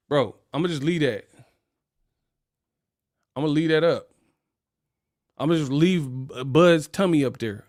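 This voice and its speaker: Speaking at a moderate pace with frequent pauses, this slightly high-voiced man rants on a casual livestream he hosts. He talks in slang and mockingly brushes off his critics with laughter.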